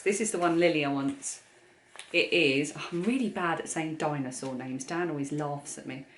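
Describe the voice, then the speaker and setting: Chatty English woman in an echoey room. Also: medium pitch. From England. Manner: chatty, gushing over handmade toys. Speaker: podcast host. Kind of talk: casual craft podcast chat.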